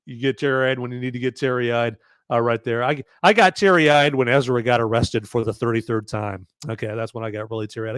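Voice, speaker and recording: A man's voice: medium pitch, fairly quick, a bit bright, smooth, dry recording, clean studio sound. A man hosting a live movie review podcast, talking casually and sarcastically with many fillers and frequent "okay?" checks to his chat.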